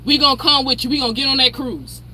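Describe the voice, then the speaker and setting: A woman's voice: sits high, fairly even intonation, quick pace, bright, forceful tone. A woman, hosting a channel and ranting in a heated, profane, confrontational way, calling people out by name. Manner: profane, confrontational, repeats a name to call someone out. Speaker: commentary channel host. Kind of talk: heated personal rant.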